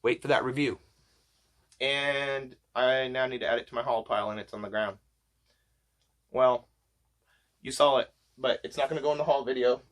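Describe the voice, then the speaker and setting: A man chatting to camera as he shows off a shopping haul, enthusiastic and gushing, his voice getting hoarse. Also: medium pitch, fairly even intonation, moderate pace, pauses often. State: voice going hoarse. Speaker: vlogger showing a shopping haul. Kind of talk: casual chat to camera.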